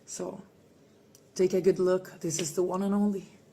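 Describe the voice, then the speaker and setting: A woman's voice: on the low side, little pitch movement, moderate pace, slight background noise. Playful woman slipping into whispers. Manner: playful, theatrical, often dropping into a hushed whisper; calls listeners "my dear". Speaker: band member answering fans on a livestream. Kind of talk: casual live Q&A reading fan comments.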